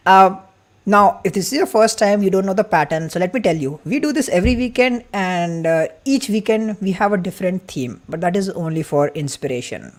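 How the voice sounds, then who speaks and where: A man hosting a live-streamed event welcome. He talks quickly and excitedly, greets viewers from the chat, and chats freely. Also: sits high. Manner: excited, fast-talking, chatty. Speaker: livestream host.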